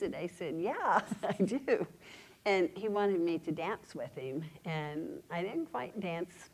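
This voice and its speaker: A woman giving a personal testimony in church, speaking earnestly with pauses and fillers. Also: deep voice, a little mellow, rough recording. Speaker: church member sharing testimony.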